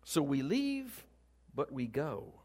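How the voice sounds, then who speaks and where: Animated male preacher with lively pitch. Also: slow pace. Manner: animated, shifts emphasis and loudness freely. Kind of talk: sermon.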